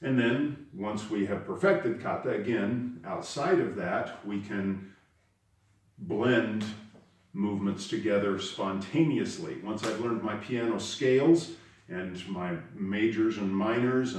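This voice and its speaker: A karate instructor gives a spoken lesson in a low, darkish voice, walking through each step and stressing the key words. The room is very echoey, and he's far from the mic.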